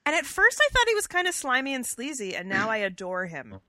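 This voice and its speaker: A woman co-hosting a podcast in casual, animated chat, laughing easily and filling gaps with ums. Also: high voice, brisk, dry recording, studio quality. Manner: chatty and animated, laughs easily, many fillers. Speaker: podcast co-host.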